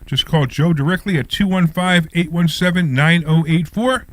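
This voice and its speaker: A man's voice: fairly high pitch, moderate pace. Upbeat male radio talk show host. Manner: upbeat, teasing banter. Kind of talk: radio talk show chat and sponsor reads. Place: radio studio.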